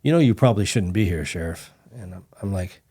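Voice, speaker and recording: A man's voice: low-pitched, expressive, quick pace, warm tone, breathy edge. A man who hosts a podcast chats casually with his guest, laughing along and dropping short jokes before telling his own story from his time as a deputy. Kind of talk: casual chat.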